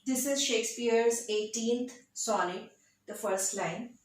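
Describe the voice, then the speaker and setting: A woman teaching literature, explaining sonnets in a slow, deliberate classroom lecture and checking in with her listeners as she goes. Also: on the high side. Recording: very echoey room.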